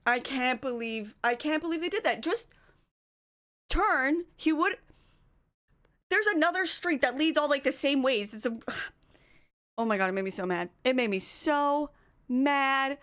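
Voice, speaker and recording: A woman streamer chatting casually with her live viewers, telling a story in an animated way and climbing higher as she gets worked up. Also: a little slow, long pauses.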